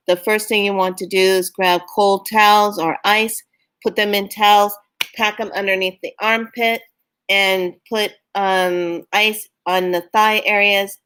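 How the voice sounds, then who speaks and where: A woman's voice: medium pitch, fairly bright tone, clean tone. A woman giving a casual spiritual talk, earnest and urging, who often laughs while telling stories. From California. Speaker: spiritual vlogger.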